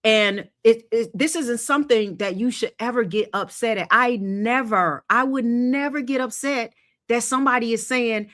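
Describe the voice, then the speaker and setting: A woman with a bright, forward voice hosts a live investing stream and talks straight to her viewers. She speaks with emphasis and keeps firing off rhetorical questions. She often repeats her phrases as she goes. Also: on the high side, expressive, measured pace. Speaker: host of a crypto investing livestream. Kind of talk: live stream talk reading chat comments.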